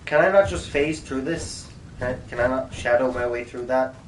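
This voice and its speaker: A man's voice: mid-range voice, normal speed. An Irish man streaming a game, rambling through his upgrades with wry asides and casual swearing. His voice sits mid-range and sounds a bit echoey in the room, with a faint hiss behind. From Ireland. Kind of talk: live gameplay commentary.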